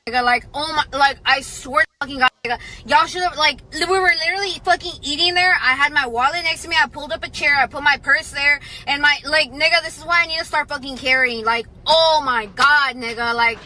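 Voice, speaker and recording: Bright high-voiced woman ranting fast. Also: rough recording. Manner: profane, rapid, heated. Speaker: police officer. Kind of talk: casual storytelling rant.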